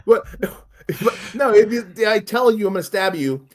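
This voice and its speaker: Animated man ranting casually. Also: high voice, a little slow, crowd noise. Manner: profane, animated ranting with laughs. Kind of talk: casual chat.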